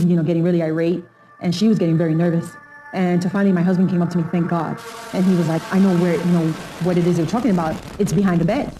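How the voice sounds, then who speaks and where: A middle-aged woman with a lowish voice recalls family events in a documentary interview. She is animated, acts out quotes, and laughs often.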